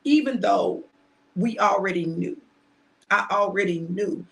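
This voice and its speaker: A middle-aged woman preaching informally to her online audience, shouting and emphatic at times, then reflective and personal. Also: mid-range voice, measured pace, gravelly. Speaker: preacher and host.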